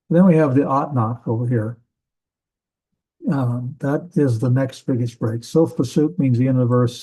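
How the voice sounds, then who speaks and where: A man's voice: mid-range voice, dark tone, poor audio. A man teaching a class on biblical language, explaining step by step with frequent fillers and restarts. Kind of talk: classroom lecture.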